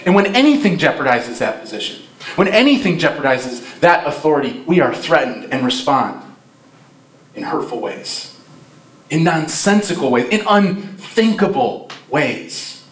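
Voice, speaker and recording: A male pastor delivers an impassioned Christmas sermon in a church sanctuary, his volume swelling and dropping for emphasis. His slightly high voice is sing-song and measured. A distant mic gives roomy church sound.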